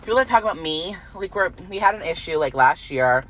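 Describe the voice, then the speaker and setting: A woman's voice: fairly low pitch, lively intonation, a little fast, low-quality recording. A woman in her twenties delivering a heated, profane rant to camera, repeating herself and swearing freely. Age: 20s. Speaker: vlogger.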